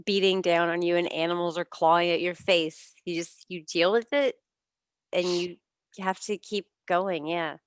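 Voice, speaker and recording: Woman host, reflective and hesitant, mid pitch, dry close-miked sound. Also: fairly even intonation, clean tone, no echo. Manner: thoughtful, halting, with light laughs. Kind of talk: casual heartfelt chat.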